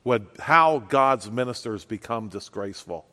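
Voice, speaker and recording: A man preaching a sermon with passion, swinging from loud outbursts to hushed asides. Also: mid-range voice, expressive, normal speed. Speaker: pastor. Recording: long reverb of a church hall.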